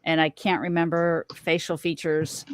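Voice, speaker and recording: A middle-aged woman tells her story as a guest on a podcast, slipping into the voices of the people she quotes. Her voice sits a little low, and the sound is close and dry with no room around it. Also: moderate pace, no room sound. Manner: animated storyteller, acts out quoted lines. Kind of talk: casual storytelling interview.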